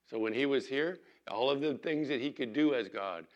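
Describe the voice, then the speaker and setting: An older man, a pastor, preaching an earnest sermon and slowing down to read scripture aloud. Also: medium pitch, highs cut off.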